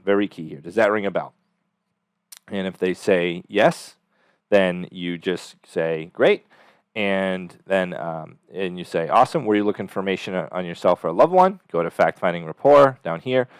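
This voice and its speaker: A man coaching salespeople in an emphatic, repetitive motivational style, acting out phone scripts in a brighter upbeat voice. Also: low voice, clean tone, no room sound, clean studio sound. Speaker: sales trainer.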